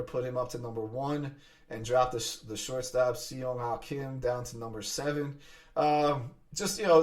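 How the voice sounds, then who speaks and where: A man hosting a sports podcast, talking fast and excitedly in casual chat, often restarting his sentences. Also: medium pitch, distant mic. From Philadelphia area. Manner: fast, excited talk with frequent restarts and fillers.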